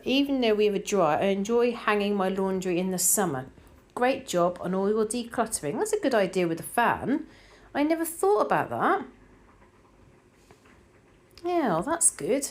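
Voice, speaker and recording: A middle-aged woman with a Norfolk accent, chatting casually as she reads out viewer comments for her decluttering vlog, rambling with plenty of fillers. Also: mid-range voice. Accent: Norfolk English. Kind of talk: casual chat, reading comments aloud.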